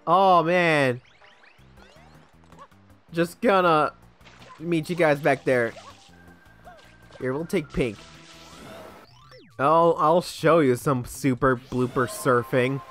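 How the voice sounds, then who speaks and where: A man's voice: on the high side, fairly even intonation, takes it slowly, long pauses, fairly bright tone, soft background music. A young man giving casual, rambling gameplay commentary as a let's play host, sidetracked and self-deprecating.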